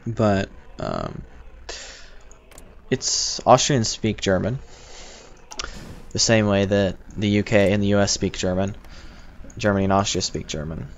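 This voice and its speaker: A man's voice: lowish voice, sing-song, measured pace, gravelly, pauses often. A young American man chatting casually on a game livestream, rambling and answering his chat. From United States. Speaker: livestreaming gamer. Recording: dull lo-fi stream audio with faint noise.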